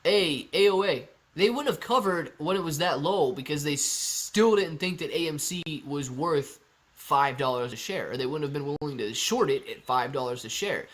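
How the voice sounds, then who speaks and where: A young man hosting a live stock-market Q&A stream, chatty and energetic as he reads viewer messages aloud. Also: a little high, normal speed. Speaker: livestream host.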